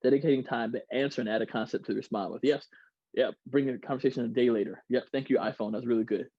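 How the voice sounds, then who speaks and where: A man giving an energetic online workshop, reading out audience replies and laughing often. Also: medium pitch, fast talker, no room sound, highs cut off. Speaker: workshop speaker. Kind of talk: interactive online workshop talk. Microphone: video call.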